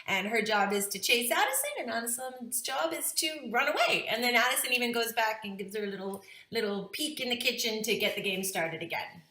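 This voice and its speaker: Speaking a little fast with few pauses, a woman in her thirties warmly teaches parents about how infants learn to talk. Her fairly high voice is animated, pushed and bright. She's a parenting educator, heard in an echoey room.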